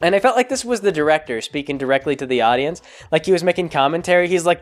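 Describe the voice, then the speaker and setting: A man with a fairly high voice retells a film with rambling sarcasm. He keeps doubling back and interrupting himself. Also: lively intonation, quick pace, hardly any pauses. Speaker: host. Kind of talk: comedic movie recap.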